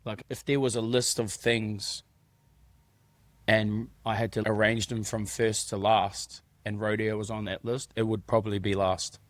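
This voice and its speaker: A man's voice: on the low side, little pitch movement, measured pace, no echo. A man co-hosting a podcast in casual chat, telling stories with a joking, self-deprecating manner. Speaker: podcast co-host.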